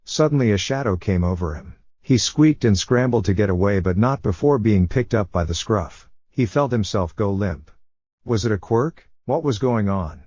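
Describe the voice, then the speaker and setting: A man narrating a fiction story in a steady storytelling manner. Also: lowish voice, moderate pace, no room sound. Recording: dull dry lo-fi recording.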